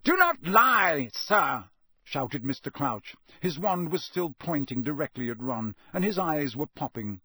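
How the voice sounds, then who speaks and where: A man reading a novel aloud as narrator, in a dramatic, expressive way. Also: mid-range voice, normal speed, hardly any pauses, breathy edge, dry recording. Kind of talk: audiobook reading.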